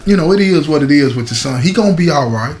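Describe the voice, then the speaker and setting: A man tells viewers a casual story about prison life, animated and a little high-pitched, talking fast. He keeps addressing the audience with "you feel me" and "y'all."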